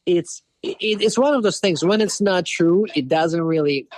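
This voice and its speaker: A man from Russia in his forties, speaking English with a Russian accent as a podcast guest. He tells stories with plenty of "you know" and acts out what others said. His voice sits a bit high and sounds close and dry. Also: unhurried, no room sound. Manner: animated storyteller, acts out quoted voices, frequent "you know". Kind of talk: casual storytelling interview.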